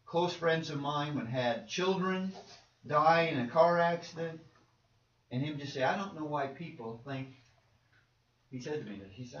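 A man's voice: fairly high pitch, moderate pace, long pauses, a bit bright. A man preaching a sermon with emphatic delivery, repeating words and acting out the quotes he cites. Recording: roomy, distant, dull with faint noise.

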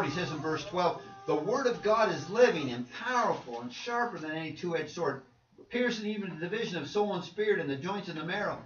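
Here a man with a slightly high, somewhat bright voice preaches emphatically, repeating words and dramatizing the quotations he cites. It's captured in a roomy, distant, dull recording with faint noise.

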